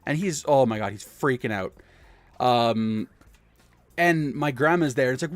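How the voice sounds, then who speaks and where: A man's voice: medium pitch, measured pace, long pauses, dry recording. Rambling young man, dry sound. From Canada. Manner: rambling, profane, self-correcting anecdotes. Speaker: streamer. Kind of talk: casual storytelling on a live stream.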